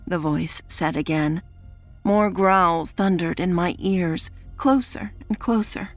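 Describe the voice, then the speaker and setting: A woman reads a first-person dark fantasy audiobook in a fairly low voice, tense and dramatic. Faint music runs quietly beneath her narration. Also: slow.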